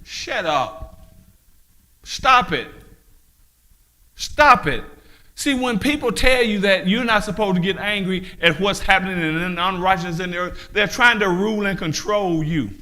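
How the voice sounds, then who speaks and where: A man preaching a sermon, fiery and full of rhetorical questions, climbing to shouts. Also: high-pitched, unhurried. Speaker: pastor.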